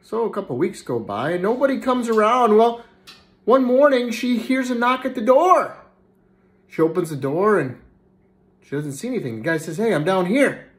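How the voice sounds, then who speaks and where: A man's voice: high voice, animated, moderate pace, husky. A middle-aged man telling dirty jokes, laughing at his own punchlines. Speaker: joke teller.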